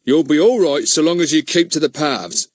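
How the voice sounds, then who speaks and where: A man's voice: a little high, lively intonation, normal speed, no room sound, voice pushed up. A man doing a helpful bus conductor.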